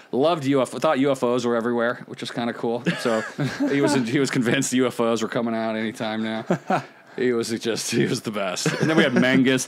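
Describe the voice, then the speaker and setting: A middle-aged man, a podcast guest, telling lively stories in casual talk, laughing often and acting out other people's lines. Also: mid-range voice. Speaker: podcast guest, former pro beach volleyball player. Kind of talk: casual storytelling.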